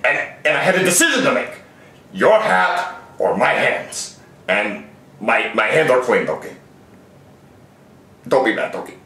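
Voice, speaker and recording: A man's voice: mid-range voice, very animated, measured pace, pauses often, bright, forceful tone, very echoey, heavily acted. A man voicing a gross, lazy male ogre who stammers sheepishly.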